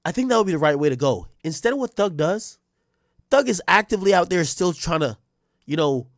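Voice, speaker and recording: A man's voice: on the high side, no room sound, studio quality. A man giving blunt, ranting reaction commentary on a livestream, swearing and talking straight at the person he is discussing. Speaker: streamer and commentator.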